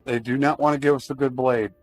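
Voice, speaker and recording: A man's voice: medium pitch, fairly even intonation, quick pace, darkish tone, faint music behind. A man streaming a video game live, chatting casually to his viewers while he plays. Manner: chatty, talks to chat while playing.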